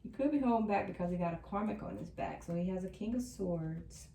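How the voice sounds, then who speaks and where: Animated woman reading tarot in an echoey room. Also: lowish voice, brisk, slight background noise. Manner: animated, repeats quoted messages emphatically. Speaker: tarot reader. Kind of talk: tarot reading channeling messages. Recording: echoey room, a bit distant from the mic.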